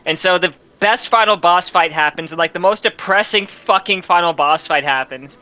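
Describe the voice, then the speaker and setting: Rambling, foul-mouthed bright-voiced man. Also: a little high, lively intonation, normal speed. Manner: rambling, profane, laughing often. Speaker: host retelling a game's plot. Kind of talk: casual drunk chat.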